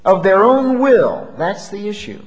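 A man's voice: high voice, big pitch swings, a little slow. Man preaching in an echoing hall. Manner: expository preaching, repeats words for emphasis. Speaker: pastor. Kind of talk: sermon. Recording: long reverb of a large hall.

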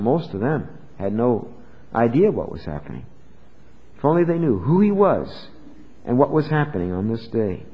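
An older man preaches from the pulpit with a lively, rising delivery, building to loud and emphatic high points. His voice sits a little high. The recording is dull and lo-fi, with a long church reverb trailing his words. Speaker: pastor. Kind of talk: sermon.

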